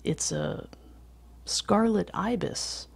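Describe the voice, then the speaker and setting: A calm father, unhurried and measured, as a woman reads him. His voice comes out gravelly and husky, low and slow. It sounds like a quiet storybook reading. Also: exaggerated voice. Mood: explaining. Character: calm grown father at family table.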